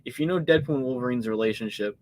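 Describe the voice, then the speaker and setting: Male podcast co-host, mid-range voice, animated storyteller who acts out scenes. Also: mid-range voice, quick pace. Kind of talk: casual movie review chat.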